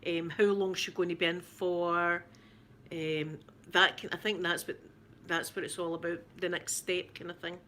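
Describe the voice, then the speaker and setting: A middle-aged Scottish woman, a mother, chatting casually to camera and telling stories in an animated way, with lots of repeats. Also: lowish voice, moderate pace, slight background noise. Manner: animated storytelling with laughs and repeats. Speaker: vlogger, mother.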